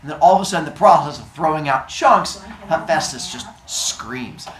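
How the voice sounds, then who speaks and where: A woman's voice: sits low, expressive, normal speed. A woman telling a myth in a casual, jokey way, full of asides and acted-out voices. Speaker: storyteller. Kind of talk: casual comic retelling of a myth. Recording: roomy echo, faint ambience.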